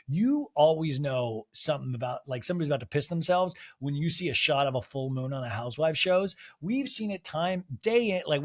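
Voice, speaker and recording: A man hosting a podcast, giving a solo comedic TV recap in a gossipy, profane way. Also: on the high side. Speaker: podcast host.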